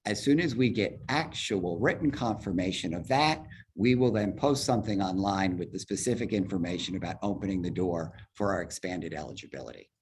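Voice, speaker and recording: A man heading an agency, walking a virtual public forum through budget figures step by step on a video call, talking fast and explaining as he goes. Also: deep voice, slight background noise. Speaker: agency head presenting a budget. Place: virtual meeting, speaking from home or office.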